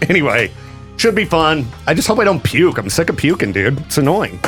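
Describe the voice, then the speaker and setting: A man hosting a casual radio show, chatty and quick to laugh, with a sore back. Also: fairly high pitch, sing-song, a bit bright, soft background music. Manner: chatty, laughs often, slips into mock voices. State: sore back after vomiting. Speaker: radio host.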